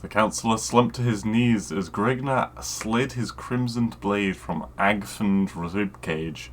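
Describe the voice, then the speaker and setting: A man co-hosting a casual podcast, reading a fantasy story aloud in a deliberate way and swearing and joking between passages. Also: fairly low pitch, a little hiss or hum. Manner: reads deliberately, swears freely, laughs often. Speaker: podcast co-host.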